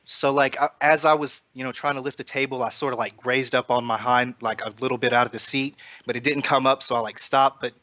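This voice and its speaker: A man's voice: medium pitch, fairly even intonation, a little fast, few pauses, bright, forceful tone, no room sound. A man playing a tabletop game, rambling through his character's actions with many fillers. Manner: rambling, filler-heavy, casual swearing. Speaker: player.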